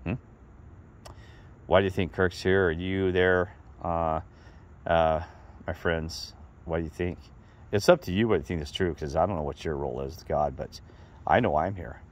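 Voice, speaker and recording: A middle-aged man telling a rambling, animated story in a casual monologue to his viewers. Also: low voice, normal speed, pauses often. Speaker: vlogger.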